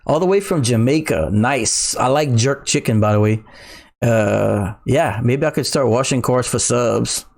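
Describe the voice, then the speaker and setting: A middle-aged man from Louisiana with a Cajun accent, chatting casually on a crypto livestream, reading viewer comments in an excitable, slangy way. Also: mid-range voice, a little slow, creaky. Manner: excitable, laughing, slangy, says "bruh".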